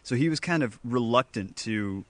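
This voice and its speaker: A man on a film podcast, calmly explaining a point about a scene. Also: medium pitch. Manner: calm, measured explaining. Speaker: podcast panelist. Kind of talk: casual film discussion.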